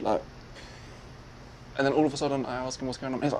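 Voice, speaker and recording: A man's voice: fairly high pitch, steady tone, fairly quick, pauses often, slight background noise, low-quality recording. A man telling a personal story in a casual way. He acts out other people's lines as he goes. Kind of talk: casual retelling.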